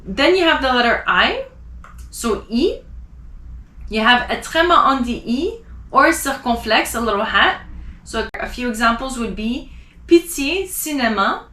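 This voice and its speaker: Bright-voiced woman teaching French letters. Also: fairly high pitch, very animated, echoey room. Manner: slow, careful, spells out letters and repeats example words. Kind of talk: spelling and pronunciation lesson.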